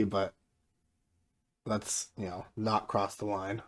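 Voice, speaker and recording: A man with a fairly low voice talks through his football management game in a relaxed, mostly monotone way. His casual commentary stays low-key. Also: takes it slowly. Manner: mostly flat and low-key, jumping up excitedly at goals; self-described monotone delivery. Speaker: gaming YouTuber.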